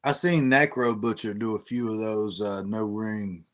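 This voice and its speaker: A man's voice: on the low side, fairly even intonation, a little slow. A man hosting a casual podcast, laid-back and slangy, often calling his guest bro. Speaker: podcast host.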